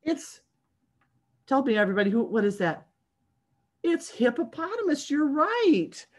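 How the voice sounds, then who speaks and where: With a high-pitched voice and an unhurried pace, a woman who works as a children's librarian reads a picture book to young kids over video. Her delivery is animated and sing-song, and she stops to quiz them along the way.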